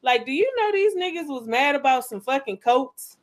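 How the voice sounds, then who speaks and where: A woman's voice: sits high, lively intonation, moderate pace. A woman co-hosting a casual recap podcast, commenting bluntly and profanely. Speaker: podcast co-host. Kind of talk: casual reality-TV recap chat.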